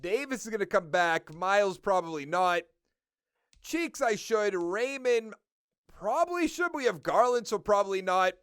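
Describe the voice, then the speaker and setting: A man's voice: high voice, animated, unhurried, a bit bright, clear, resonant tone, no echo, clean studio sound. A man with a Boston accent giving casual commentary over a video game, thinking aloud as he runs through player stats and numbers. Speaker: gaming video creator.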